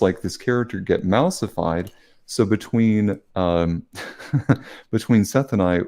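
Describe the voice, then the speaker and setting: A man's voice: deep voice, dark tone. A man co-hosting a podcast in casual chat, giggly and rambling with many fillers. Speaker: podcast co-host.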